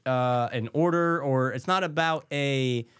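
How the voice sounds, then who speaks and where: Animated man telling a story. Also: medium pitch, measured pace, clear, resonant tone. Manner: animated storyteller, acts out quoted voices, swears casually. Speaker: podcast host telling a rideshare story. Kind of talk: casual storytelling chat.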